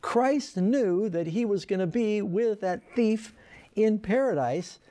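A man's voice: high voice, animated, takes it slowly, dark tone. A man preaching a sermon, reading scripture aloud and stressing key lines with earnest emphasis.

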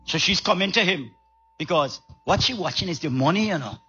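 Raspy guy preaching hard, highish bright voice, keeps asking for amens, faint music behind. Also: animated, a little fast, muffled recording. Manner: emphatic, calls for amens, repeats phrases. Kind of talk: sermon.

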